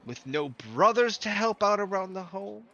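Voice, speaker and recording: A man voicing a forgetful, gray-haired old woman who works as a town hall clerk, talking in a slow, sighing, sing-song way. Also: high-pitched, animated, fairly bright tone, pitched above the performer's own voice. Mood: mournful. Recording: dull lo-fi audio.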